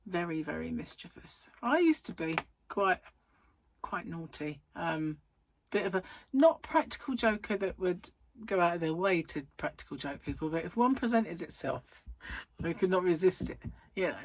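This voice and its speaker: Middle-aged woman vlogger, tired, rambling and giggly, lowish voice, dry close sound. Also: expressive, normal speed, dry recording. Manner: chatty, rambling, giggly storytelling. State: yawning, tired. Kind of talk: casual chat to camera.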